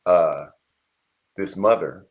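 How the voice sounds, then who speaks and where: A pastor with a lowish voice tells a story in a relaxed chat. He speaks earnestly and turns often to the viewers to pull them in. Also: slow. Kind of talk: casual chat.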